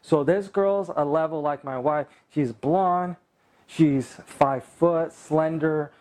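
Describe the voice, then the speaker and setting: A man from California telling a casual anecdote in a boastful, profane, animated way. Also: fairly high pitch, takes it slowly. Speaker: storyteller.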